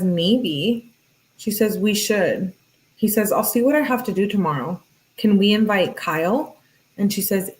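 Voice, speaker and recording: A woman's voice: mid-range voice, low-quality recording. Woman reading text messages aloud. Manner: conversational, reacts with quick asides. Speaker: true crime commentator.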